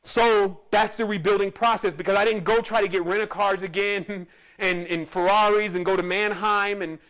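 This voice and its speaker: A man's voice: sits high, steady tone, moderate pace, fairly bright tone. A man who teaches spirituality tells a personal story in a casual, rambling way, often restarting and adding asides.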